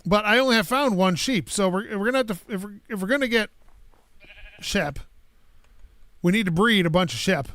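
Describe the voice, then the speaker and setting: A man's voice: sits high, normal speed, pauses often, fairly bright tone, no room sound. A man casually talking through a block-building game on stream, rambling to himself and his chat as he plays. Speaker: gaming streamer. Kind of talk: casual gameplay commentary.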